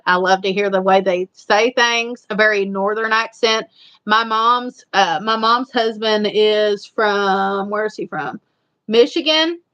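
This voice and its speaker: A woman with a strong Eastern Kentucky Appalachian accent hosts a livestream, chatting casually and at length with viewers. Her mid-range voice is a bit bright with the highs cut off, and she's rambling, repetitive, and talkative.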